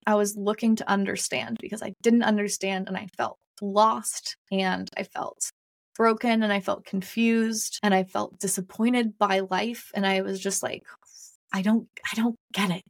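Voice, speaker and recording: A woman's voice: mid-range voice, little pitch movement, normal speed, vocal fry. A young adult woman hosting a podcast, telling her own life story in a candid, reflective way and often repeating her phrases. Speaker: podcast host. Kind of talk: personal storytelling monologue.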